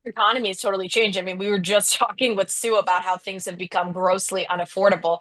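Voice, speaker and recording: A woman political commentator on a panel, animated and lively, acting out the voices of people she quotes. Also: lowish voice. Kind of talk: panel discussion.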